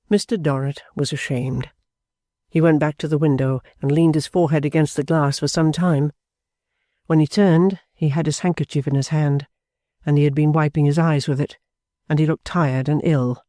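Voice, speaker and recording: Mellow, dry audiobook narration. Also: medium pitch, fairly even intonation, normal speed, no room sound. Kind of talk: scripted narration of a classic novel.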